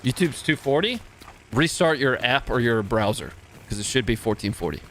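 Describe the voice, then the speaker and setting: A man's voice: medium pitch, lively intonation, moderate pace, fairly bright tone, slight background noise. A man in his thirties from the United States, casually chatting with viewers while streaming a game, laid-back and chuckling often. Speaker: livestream host.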